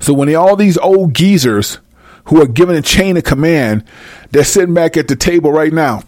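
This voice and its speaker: A man's voice: fairly high pitch, lively intonation, normal speed, a little mellow, no room sound, clean studio sound. A man delivering a heated, profane monologue rant, speaking emphatically to his viewers.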